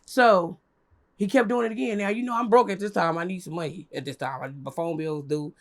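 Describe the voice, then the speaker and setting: A young woman telling a story as an interview guest, animated and profane, acting out what others said in a high voice. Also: brisk. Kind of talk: casual storytelling.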